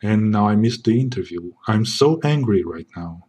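A man playing a smug secret agent in a comedy sketch, keeping a low, smooth, deadpan voice. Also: moderate pace. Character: suave smug male secret agent parody.

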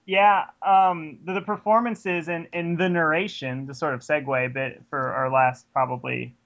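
A man's voice: a little high, fairly even intonation, moderate pace, vocal fry, fairly bright tone, lo-fi sound. A man co-hosting a podcast, giving articulate film opinions in casual discussion. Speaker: podcast co-host.

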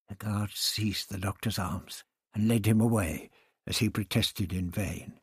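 A man reading a novel aloud as an audiobook narrator, in a measured, expressive manner. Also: fairly low pitch, breathy edge, no echo, studio quality. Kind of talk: scripted narration.

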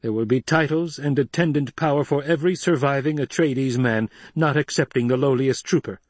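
A cold young ruler issues clipped, measured commands, as a male reader voices him. The tone is raised and firm over a slightly husky grain. Everything sits close and dry. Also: medium pitch, no echo, pitched above the performer's own voice, close to an everyday voice. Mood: commanding.

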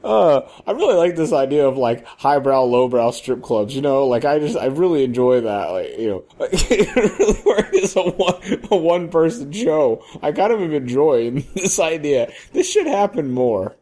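A man's voice: on the high side, very animated, moderate pace, few pauses, warm tone. A man co-hosting a comedy podcast, rambling playfully and breaking into mock-dramatic recitations. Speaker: podcast co-host. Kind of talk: casual comedic chat.

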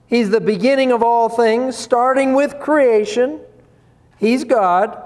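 A man's voice: extremely high pitch, expressive, slow pace, darkish tone. A man preaching a sermon, asking rhetorical questions and chuckling between points. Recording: long hall reverb.

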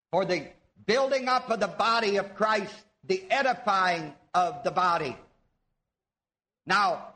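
A man's voice: sits high, pushed and bright. A man preaching a sermon, teaching his audience, asking them questions and drawing out the words he wants to stress. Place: church before a live audience.

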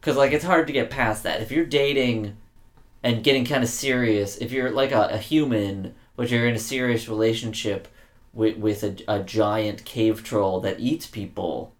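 A man's voice: mid-range voice, steady tone, normal speed. A man co-hosting a casual podcast, joking around and rambling with lots of fillers and restarts. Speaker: podcast co-host.

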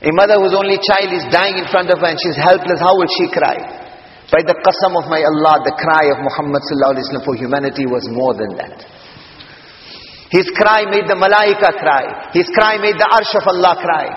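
A man preaching a fervent sermon, crying out in rising pleas and then dropping to quiet, earnest appeals to his listeners. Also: on the high side, fairly quick. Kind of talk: impassioned sermon. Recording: echoey hall, muffled lo-fi sound.

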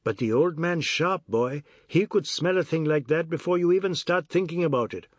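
Narrator doing a brash, melodramatic loudmouth in dialect, raised and pushy. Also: male voice, on the high side, normal speed, no echo, voice pushed up, natural voice. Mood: breezy teasing. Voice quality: breezy, bawling, melodramatic. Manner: speaks in clipped island dialect. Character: brash loud middle-aged man, boastful then maudlin.

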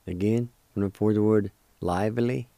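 A man hosting a radio language lesson, speaking slowly and deliberately and breaking words into syllables that he says again and again. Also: fairly low pitch, fairly even intonation, dark tone, no echo. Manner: spells out and repeats words syllable by syllable. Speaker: radio host teaching Cherokee words.

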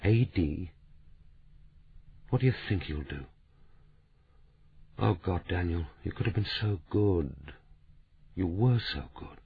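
A man's voice: low-pitched, expressive, takes it slowly, vocal fry, long pauses, husky, exaggerated voice. A man voicing a tearful, indignant woman detective. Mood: grieving. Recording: narrow, phone-like audiobook sound.

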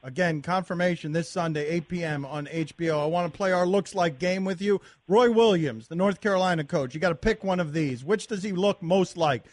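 A man's voice: sits high, no echo. A man hosting a sports radio show, bantering playfully and teasing his guest. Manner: playful, quick teasing delivery.

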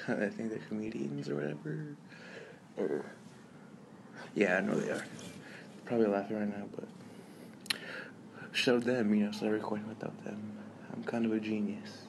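A man hosting a podcast, talking alone in hushed, half-whispered rambles while outdoors at a park. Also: fairly low pitch, moderate pace, creaky, pauses often. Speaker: podcast host. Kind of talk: casual solo podcast talk. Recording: outdoor recording with steady background noise.

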